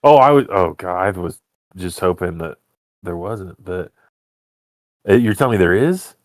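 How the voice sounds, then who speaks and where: A man co-hosting a relaxed podcast chat, with an easygoing delivery that trails off and circles back on itself. His voice sits fairly low and is recorded close and dry. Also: moderate pace, no echo. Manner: easygoing, trails off, hedges with "I don't think". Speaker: podcast co-host. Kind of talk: casual chat.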